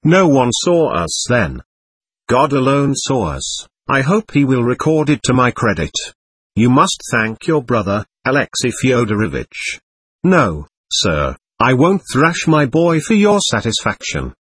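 A man's voice: medium pitch, big pitch swings, measured pace, fairly bright tone, slightly rough, dry recording, full character voice. A man reading as a grieving, proud old captain. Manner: emotional, bitter storytelling. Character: poor, proud, grieving middle-aged male captain.

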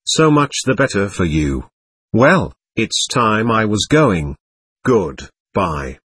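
A man's voice: lowish voice, big pitch swings, takes it slowly, a bit bright, husky, no echo, voice pushed down, heavily acted. A man voicing a bold, cocky teenage schoolboy who talks in a lofty, mocking way. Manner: lofty, mocking and self-assured.

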